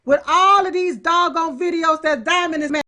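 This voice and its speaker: High, bright woman co-host chiming in. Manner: backs her partner with quick affirmations, explains in plain terms. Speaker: co-host of a political commentary show. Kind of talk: animated political commentary chat.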